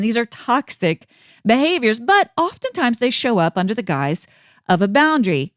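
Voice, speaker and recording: Lively, earnest woman podcast host. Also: on the high side, no echo, clean studio sound. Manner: earnest, measured, acts out example phrases. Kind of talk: calm teaching monologue with read sponsor ads.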